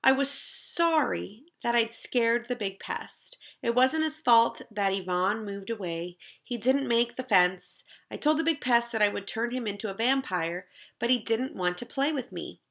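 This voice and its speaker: A woman teacher reading a chapter book aloud to young children in a slow, expressive storytelling way. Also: fairly high pitch, creaky.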